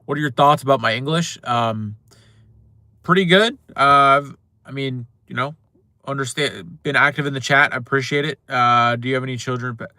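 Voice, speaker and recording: A young man hosts a casual live show, answering viewer comments as they come in and rambling through frequent fillers and restarts. His voice is bright and forward, at an average pitch for a man. The sound is dry and close, with no room around it. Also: fairly even intonation, a little fast, no echo. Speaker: show host. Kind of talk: casual livestream chat reading comments.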